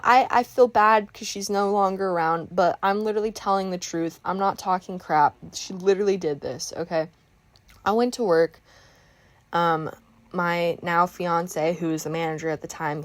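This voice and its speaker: A young woman chatting casually while painting, telling a work storytime in an animated, exclamatory rant. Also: lowish voice, no room sound. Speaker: art vlogger telling a story time.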